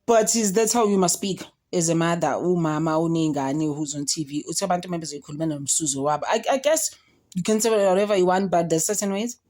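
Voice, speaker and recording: A woman's voice: on the low side, fast. A young South African woman chatting casually as she reviews a reality show, switching languages and calling on her viewers. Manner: chatty, code-switching, animated gossip with frequent "guys" and laughs. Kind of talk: casual chat.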